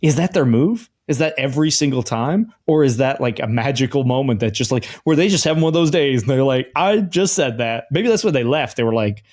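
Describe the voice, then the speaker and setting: A man's voice: mid-range voice, fairly quick, few pauses. A man co-hosting a comedy podcast, telling anecdotes in casual chat and acting out the people in them. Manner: animated storyteller, acts out quoted voices. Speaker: podcast co-host.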